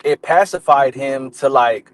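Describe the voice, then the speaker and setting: A man with a mid-range voice talks casually as a livestream guest over a call. He thinks out loud in an easygoing way, trailing off with fillers as he makes his point. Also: mid-range voice, a little slow. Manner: laid-back, thoughtful, trails off with fillers.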